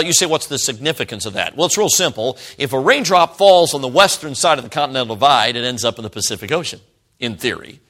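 A middle-aged Chicago man, a traveling evangelist, preaches to a congregation at church with a sharp tone and medium pitch. His sermon is folksy and conversational, pulling listeners in.

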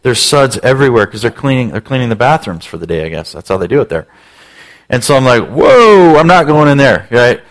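A man's voice: medium pitch, big pitch swings, a little fast. A man in his forties, a pastor telling a self-mocking story in a sermon, acting out voices with lots of energy.

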